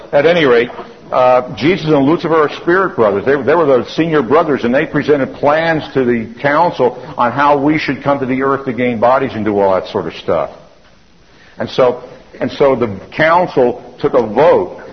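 A man lectures in a loose, storytelling way, often circling back and restarting his sentences. His voice sits at a middle pitch. The recording is slightly muffled and lo-fi. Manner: conversational storytelling with frequent restarts. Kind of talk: anecdotal lecture. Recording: dull lo-fi recording.

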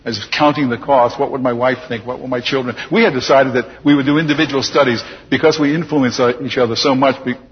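An older man telling his personal testimony to an audience as a chuckling, lively storyteller. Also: medium pitch, brisk, few pauses, breathy edge. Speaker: speaker giving a personal testimony. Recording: dull lo-fi recording with long hall reverb.

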